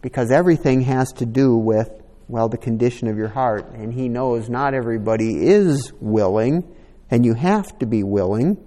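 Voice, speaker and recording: A pastor preaches a sermon, reading scripture aloud and breaking in with casual asides, in a recording with long hall reverb. He speaks at a moderate pace in a medium-pitched voice with a dark tone.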